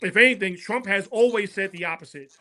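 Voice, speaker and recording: Bright-toned high-voiced man ranting. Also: fairly quick, slight background noise, poor audio. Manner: impassioned, repeats words when pressing a point. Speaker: podcast guest. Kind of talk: political talk show discussion.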